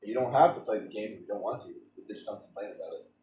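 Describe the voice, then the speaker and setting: A man's voice: lowish voice, fast talker, darkish tone, roomy sound, far from the mic, a little hiss or hum, low-quality recording. A man streaming a game, chatting in a rambling way with frequent restarts and stammers. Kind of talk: casual rambling chat during a game stream.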